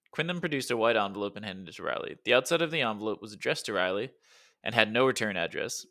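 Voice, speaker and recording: A man narrating an adventure audiobook in a steady storytelling manner. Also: on the low side, fast talker. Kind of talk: scripted narration.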